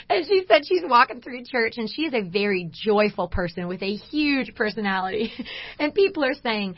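A woman's voice: fairly high pitch, lively intonation, moderate pace, dry recording, lo-fi sound. A woman co-hosting a Christian radio talk show, telling a story with lots of laughter. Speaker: radio show co-host, coach. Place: radio studio.

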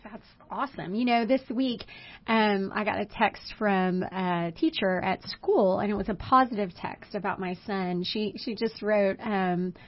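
A middle-aged woman co-hosting a casual talk show, telling lively stories about her son and acting out voices. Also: mid-range voice, unhurried. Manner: animated storyteller, acts out voices in anecdotes. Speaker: co-host. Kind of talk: casual chat. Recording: dull lo-fi sound.

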